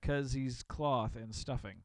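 A man's voice: medium pitch, steady tone, no room sound. Playful man, dry close recording. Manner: playful, quick-witted, laughs often. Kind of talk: casual chat.

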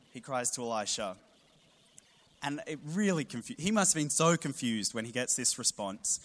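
A man, preaching a sermon with humorous storytelling and animated emphasis. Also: medium pitch, moderate pace. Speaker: pastor.

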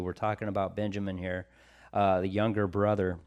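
A man's voice: deep voice, level tone, fairly quick, a little mellow. A man preaching a sermon, reading scripture and retelling it in casual everyday slang.

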